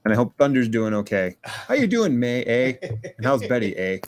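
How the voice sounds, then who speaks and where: A man's voice: mid-range voice, a little fast, clear, resonant tone. A man leaving a rambling, casual voice message for a podcast, tagging "eh" onto his sentences. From Minnesota, USA. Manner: rambling, ends sentences with a questioning "eh".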